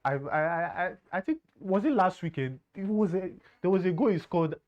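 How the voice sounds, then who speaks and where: A man's voice: sits high, animated, normal speed, a little mellow. A man giving earnest football analysis, often stumbling and repeating words. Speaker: football pundit. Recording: dull lo-fi sound.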